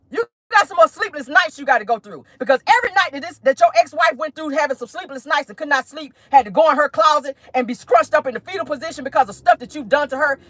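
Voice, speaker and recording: A woman's voice: high voice, a bit bright. A woman giving casual pop-culture commentary on her vlog, emphatic and preachy, with frequent profanity. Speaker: commentary vlogger.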